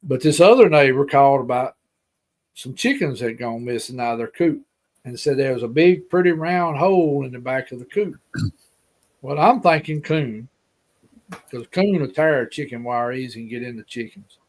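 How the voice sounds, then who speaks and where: A man's voice: mid-range voice, expressive, normal speed. A man with an Alabama Southern accent, a guest telling a story in a casual, folksy, rambling way and repeating himself.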